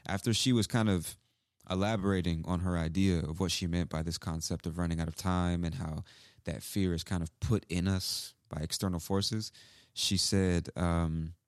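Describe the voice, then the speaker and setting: A man with a low voice and fairly even intonation hosts an English-learning podcast, speaking at a moderate pace in clean studio audio with no room sound. As an English teacher, he explains phrases casually, repeats examples, and acts out sample lines.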